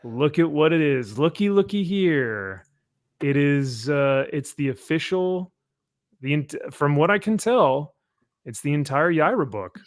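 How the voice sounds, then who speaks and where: Animated man hosting a comic chat. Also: fairly high pitch, a little slow. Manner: laughs often, animated when reading fan comments. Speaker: host. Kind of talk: casual chat.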